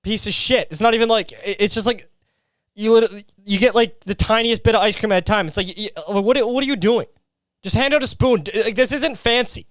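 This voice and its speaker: Young man, comedy podcast host, profane rant, sweating in the heat, mid-high voice, crisp. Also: a little fast, fairly bright tone, no echo, studio quality. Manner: profane, ranting, acts out voices. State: sweating in a heatwave. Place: his hot bedroom.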